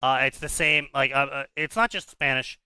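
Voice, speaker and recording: Bright, crisp-voiced man ranting. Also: medium pitch, moderate pace, dry recording. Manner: ranting, profane, repeats words when starting. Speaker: podcast co-host. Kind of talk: casual banter.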